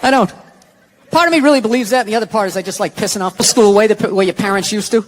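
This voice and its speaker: A man's voice: sits high, very fast, slight background noise. A man doing stand-up comedy with a Boston accent, blunt and sarcastic, on a stage mic before a live audience. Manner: sarcastic, blunt, profane delivery.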